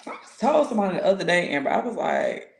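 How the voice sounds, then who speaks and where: A tarot reader and spiritual consultant chats casually with viewers on a livestream, her fairly low voice fast and reverberant. She tells animated stories full of slang and laughs often.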